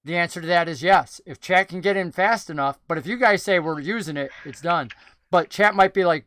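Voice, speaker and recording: A man's voice: high-pitched, fairly quick, a bit bright, no room sound. Joking man hosting a game stream. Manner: upbeat, joking, guiding players. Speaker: game master and stream host.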